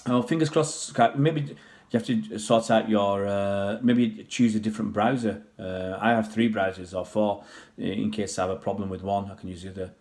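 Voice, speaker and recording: With a lowish, slightly mellow voice, a steady tone and a moderate pace, a man from Pakistan who was raised in England chats with his livestream viewers and answers their questions. He rambles casually, restarting often and using many fillers.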